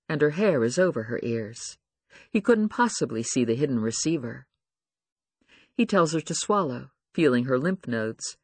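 Expressive man reading a thriller audiobook. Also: medium pitch, no room sound, clean studio sound. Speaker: audiobook narrator. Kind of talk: scripted narration.

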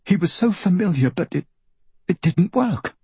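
A man's voice: on the high side, big pitch swings, moderate pace, creaky, darkish tone, slightly rough, no room sound, voice pushed up, full character voice. A man voicing a grieving young woman magician in an audiobook, his voice raised and trembling with grief. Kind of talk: audiobook character voice.

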